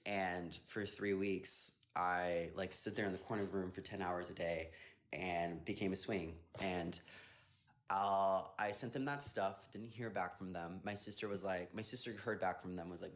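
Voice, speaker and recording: A young man chats on a livestream over his phone, answering fan questions one after another. His voice sits a little on the low side, and he talks in an effusive, rambling way full of "like" and "oh my gosh.". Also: fairly quick. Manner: chatty and effusive, with many fillers like "like". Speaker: dancer hosting a livestream.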